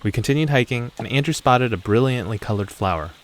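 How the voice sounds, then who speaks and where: A man narrating a hiking trip in a calm, measured scripted voice-over. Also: medium pitch. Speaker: narrator and hiker.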